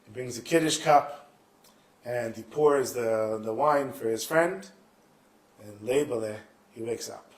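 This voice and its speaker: Animated man telling Hasidic stories live. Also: medium pitch, a little slow, long pauses, roomy sound. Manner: animated, acts out characters with shouted lines. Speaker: storyteller.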